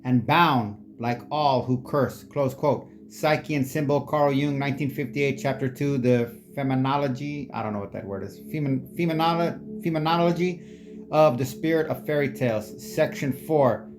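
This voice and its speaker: A speaker reading long quotes aloud in a halting way, stumbling over unfamiliar words. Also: mid-range voice, steady tone, over music. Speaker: reader sharing quotes and sources.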